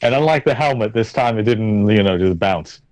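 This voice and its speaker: A man's voice: on the low side, expressive, normal speed, darkish tone, low-quality recording. A man playing a tabletop game, making dry, sardonic quips. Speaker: player.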